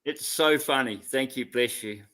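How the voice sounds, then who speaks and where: Calm, condescending man on a livestream. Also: mid-range voice, a little slow. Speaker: livestream guest. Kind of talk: livestream argument.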